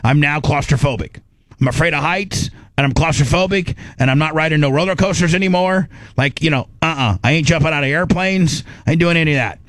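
Animated middle-aged male radio storyteller. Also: on the high side, brisk, dry recording. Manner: animated storyteller, acts out his own panicked inner voice. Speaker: radio host. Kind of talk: casual on-air storytelling.

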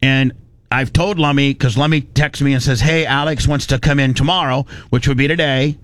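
A man's voice: medium pitch, normal speed, no room sound. Radio host guy ranting away, restarts a lot, dry close sound. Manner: animated, ranting, restarts mid-sentence. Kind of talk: morning talk show storytelling.

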